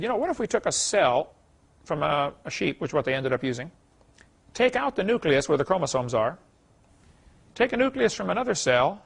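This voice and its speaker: A slightly high, creaky voice belongs to a middle-aged man lecturing at a creation seminar. Speaking in a lecture hall, he keeps a folksy tone and chuckles at his own tales.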